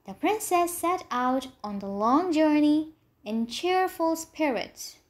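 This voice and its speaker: A woman narrating a fairy tale in a measured storybook reading. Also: sits high, expressive.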